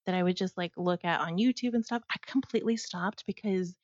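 A woman's voice: on the low side, a little fast, a little mellow, no room sound. A woman from Texas co-hosting a podcast in casual chat, chatty and giggly, full of filler words. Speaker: podcast co-host. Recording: dull, muffled audio.

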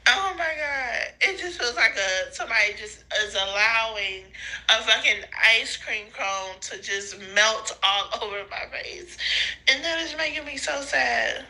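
A young woman recording rambling phone voice notes, giggly, profane and slangy, high and tearful, often breaking into laughing squeals. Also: expressive, measured pace, sharp tone, poor audio. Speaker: podcaster sending voice notes. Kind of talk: rambling voice-note monologue. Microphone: phone voice memo.

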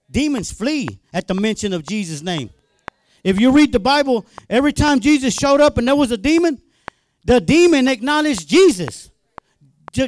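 A male minister preaching a sermon in a colloquial, excitable way, repeating words as he gets fired up. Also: very high-pitched.

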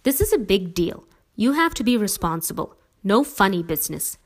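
A woman's voice: mid-range voice, very animated, moderate pace. A woman voicing an earnest, grumbling middle-aged father who lectures his son in a family story. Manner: stern, grumbling.

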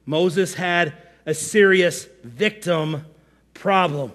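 A man preaching a sermon to his congregation, animated, acting out whiny complaints in quoted voices. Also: on the high side, slow. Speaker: pastor.

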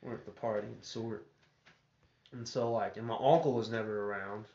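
A man's voice: on the low side, fairly even intonation, moderate pace, vocal fry. Profane young Texan man telling stories. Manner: profane, laughs often, acts out quotes loudly. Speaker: podcast co-host. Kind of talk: casual storytelling chat. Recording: echoey room, muffled audio, faint hiss.

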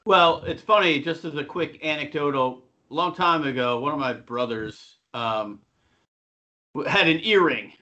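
A man's voice: a little high, measured pace, pushed and bright, muffled recording. A middle-aged man co-hosting a podcast, telling rambling, profane stories in casual chat. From Buffalo, New York. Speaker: podcast co-host.

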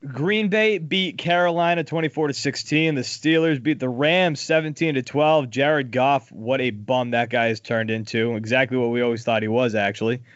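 A man co-hosting a casual sports podcast, bluntly recapping the week's football scores with lively opinions. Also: mid-range voice, moderate pace, few pauses, no echo, muffled recording. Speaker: podcast co-host.

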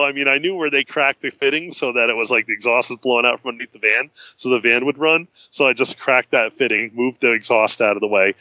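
Animated bright-voiced man telling stories. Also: no echo, highs cut off. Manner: animated storyteller, acts out quotes with big pitch jumps. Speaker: guest. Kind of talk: casual storytelling in a podcast chat.

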